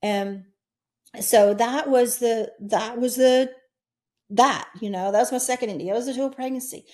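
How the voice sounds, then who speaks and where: A woman in her sixties, a guest in an interview, earnestly recounting her own near-death experiences, breaking into sudden high, loud bursts. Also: normal speed.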